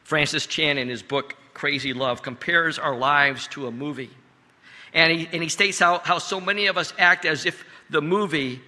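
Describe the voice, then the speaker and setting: A middle-aged man delivers a sermon in a church sanctuary. His voice is very bright and forceful, though he keeps pulling back to a soft, earnest hush. Long reverb from the hall hangs behind every line. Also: on the high side. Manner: earnest storytelling with soft drops in volume. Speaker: pastor.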